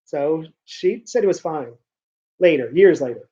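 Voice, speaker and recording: A man's voice: on the high side, big pitch swings, moderate pace, dark tone, breathy edge, lo-fi sound. A man talking casually to camera in a rambling vlog monologue, often restarting and repeating words. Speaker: vlogger.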